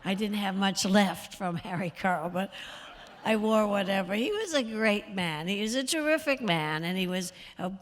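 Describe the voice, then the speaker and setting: A woman in her eighties telling rambling, self-mocking anecdotes as the guest of an on-stage interview, her voice slightly rough. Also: medium pitch, normal speed. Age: 80s. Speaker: guest of honor. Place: stage at an evening event.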